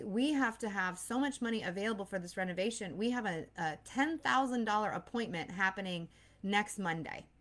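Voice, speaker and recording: A woman's voice: medium pitch, fairly bright tone. A woman in her thirties who is expecting a baby gives an earnest, casual motivational talk as a mindset coach and host. She often acts out anxious inner voices. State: pregnant.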